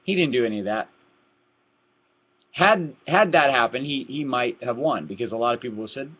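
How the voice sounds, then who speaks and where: A man giving a heated political rant to his webcam, repeating words and swinging from low muttering to loud outbursts. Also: fairly quick. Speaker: political vlogger. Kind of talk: ranting webcam commentary. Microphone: laptop webcam mic. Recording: lo-fi laptop webcam audio.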